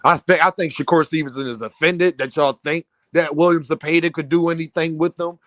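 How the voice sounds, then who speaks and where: A man hosting a casual boxing commentary stream, heated and animated, often repeating himself and breaking into near-shouts. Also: fairly high pitch, a little fast, no echo. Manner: many restarts and repeated fillers.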